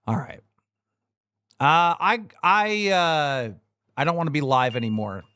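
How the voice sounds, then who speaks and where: A man's voice: a little high, big pitch swings, measured pace, bright, forceful tone, clean tone, no room sound, clean studio sound. A man hosting a livestream, talking casually in a blunt, profane, scolding way. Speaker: livestream show host.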